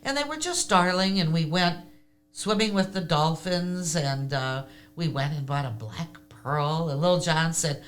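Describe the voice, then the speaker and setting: An older woman telling stories in a casual interview, animated and laughing often. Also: sits low, measured pace. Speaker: podcast guest.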